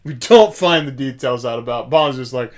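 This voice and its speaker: A man's voice: mid-range voice, moderate pace, over a noisy crowd. A man co-hosting a casual movie review podcast, laughing often and acting out lines from the film. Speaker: podcast co-host.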